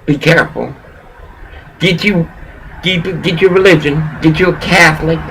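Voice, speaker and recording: A man's voice: on the high side, steady tone, moderate pace, a bit bright, a little hiss or hum, poor audio. A man who is a pastor, giving a rambling, profane preaching rant as he lectures someone directly.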